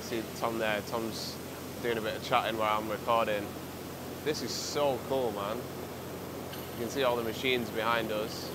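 A young man talking to a handheld camera in a casual travel vlog, excited and chatty, peppered with "like". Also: lowish voice, a little slow, heavy background noise. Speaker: vlogger and online seller. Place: on a street and in a factory.

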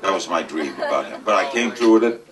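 An older man giving a comic, anecdotal speech at a charity event, delivering punchlines with deadpan timing. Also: deep voice, quick pace. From New York. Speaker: guest speaker at a charity event. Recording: distant mic with faint noise.

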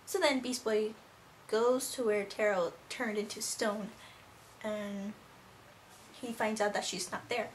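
A woman's voice: medium pitch, steady tone, slow, slight background noise. A teenage girl casually reviewing a cartoon episode as a rambling, gushing fan. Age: teens. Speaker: video reviewer.

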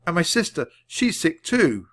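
A man's voice: fairly high pitch, sing-song, a little slow, a bit bright, voice pushed up, full character voice. A man reading a storybook aloud, voicing a nervous young boy who stammers. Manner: stammering, anxious.

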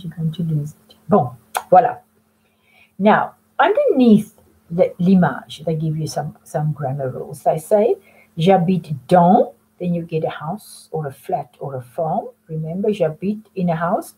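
Woman, French teacher, slow and patient, lively pitch, dark husky voice. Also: low-quality recording. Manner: patient, switches between English and French, repeats phrases slowly. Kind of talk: recorded online lesson.

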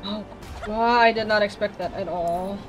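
A woman casually commenting on a video game as she plays, chatty and easily excited, talking to the characters on screen. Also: medium pitch, moderate pace, over music. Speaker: let's play gamer.

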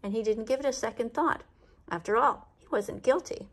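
A woman's voice: fairly high pitch, moderate pace. A woman narrating a story in an emphatic, sing-song storybook style.

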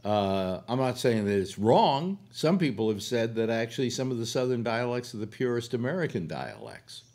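A man's voice: mid-range voice, sing-song, normal speed, a little mellow. An older man from California hosting a casual on-air conversation, rambling with many fillers like "uh" and "you know.". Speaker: radio show host.

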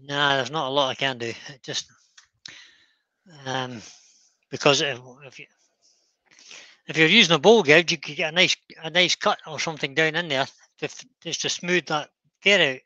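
A man's voice: a little high, normal speed, pauses often, bright, forceful tone, dry recording, low-quality recording. A middle-aged Scottish man hosting a woodturning livestream, chatting in a self-deprecating way and repeating words as he works. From Scotland. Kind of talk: casual livestream chat while turning.

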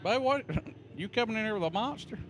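A man's voice: high-pitched, expressive, a little fast, noisy background. A man greeting students at a school entrance outdoors, folksy and joking as he gives friendly instructions. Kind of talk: casual on-camera greeting.

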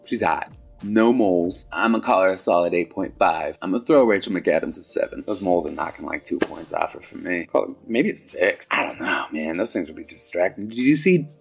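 A man giving a comedic, profane movie rant, sarcastic and animated, jumping into sudden high squeals. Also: brisk, vocal fry, slightly rough, faint music behind. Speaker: movie reviewer.

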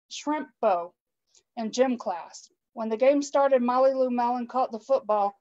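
Lively woman reading a picture book. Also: fairly high pitch. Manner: expressive read-aloud with chatty asides to listeners. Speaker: guest storytime reader. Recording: dull lo-fi online stream audio.

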